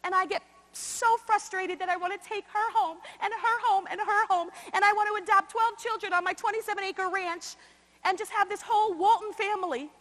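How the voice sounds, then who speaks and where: High-voiced woman giving an impassioned keynote. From New York. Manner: expressive, shifts between loud emphasis and quiet slow asides. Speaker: conference speaker. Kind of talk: motivational keynote talk. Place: large conference hall. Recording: long hall reverb.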